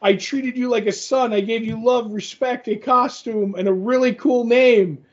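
A man's voice: steady tone, normal speed, dull audio. A man voicing a scheming male comic villain, in a mock-indignant, raised voice. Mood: mock-wounded. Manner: mock-indignant, higher put-on voice.

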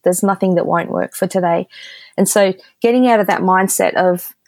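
A woman's voice: lowish voice, normal speed, dry recording. Candid Australian woman telling stories. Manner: lively storyteller, candid and direct. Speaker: guest copywriter. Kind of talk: casual podcast interview.

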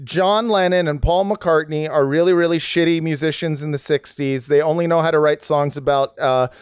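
A male podcast host chats and jokes, spinning absurd stories with a deadpan touch. His voice is a bit high, smooth and clear, recorded dry and close. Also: moderate pace, no echo. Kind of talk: casual podcast chat.

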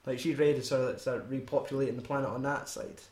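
A man's voice: mid-range voice, fairly even intonation, quick pace, darkish tone, roomy sound. A Scottish man co-hosting a podcast, rambling and swearing casually as he talks through a film. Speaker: podcast co-host.

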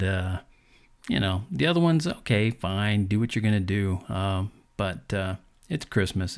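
A man's voice: on the low side, a little mellow. Earnest man hosting a faith podcast. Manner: earnest, conversational preaching with fillers. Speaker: podcast host. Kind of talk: devotional podcast monologue.

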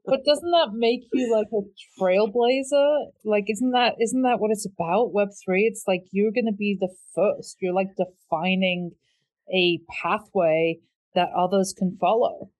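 A woman's voice: mid-range voice, measured pace, darkish tone. A woman speaking as a guest on a podcast, an encouraging, enthusiastic marketing strategist and business coach. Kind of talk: casual interview chat.

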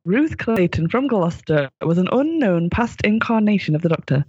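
Husky, animated man reading a comic story. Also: high voice, normal speed, no room sound, highs cut off. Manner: animated, giggling reading with put-on voices. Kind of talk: amateur comic fan-fiction reading.

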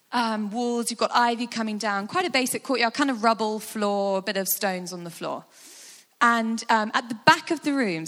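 A woman speaker giving a guided imagination talk, animated and conversational with frequent fillers. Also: fairly high pitch. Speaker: church speaker. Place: large hall with a sound desk. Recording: long hall reverb.

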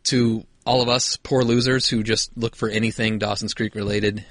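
A man's voice: lowish voice, little pitch movement, normal speed, fairly bright tone, no room sound. A man co-hosting a podcast in casual chat, joking around, swearing freely and laughing often. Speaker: podcast co-host.

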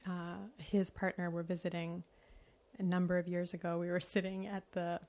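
A woman's voice: fairly low pitch, monotone, moderate pace, darkish tone. A woman from Wisconsin, a podcast guest, chatting casually and telling anecdotes with easy laughter. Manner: storytelling, laughs easily. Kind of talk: casual chat. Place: office.

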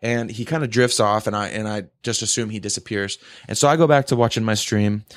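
In crisp studio audio with no room sound, a man with a fairly low pitch and fairly even intonation speaks a little fast. As a podcast co-host, he rambles casually through a long, profanity-laced story, often ending lines with "right?"

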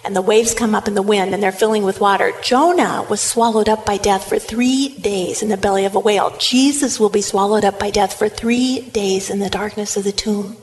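A woman preacher giving a sermon, retelling a story in a lively way and speaking straight to her listeners. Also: medium pitch, moderate pace, few pauses, a little hiss or hum. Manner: lively retelling, addresses the congregation directly.

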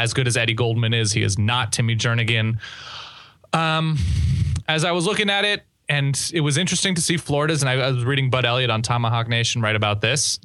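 A man's voice: mid-range voice, sharp tone, no echo. Wry laid-back man, dry close sound. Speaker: podcast co-host. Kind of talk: casual sports chat.

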